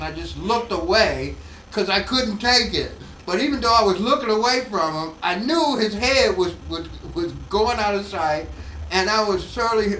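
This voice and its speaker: Older man telling a lively comedy story. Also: high-pitched, recorded from a distance, a little hiss or hum. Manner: animated storyteller who acts out the voices. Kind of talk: storytelling interview. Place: his home. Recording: echoey room, off-mic, faint ambience.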